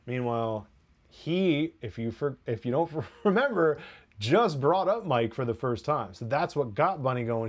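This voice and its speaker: A man's voice: medium pitch, animated, moderate pace. A man hosting a casual TV episode review, talking in a chatty, digressive way and acting out characters' lines with laughs. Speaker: TV review host.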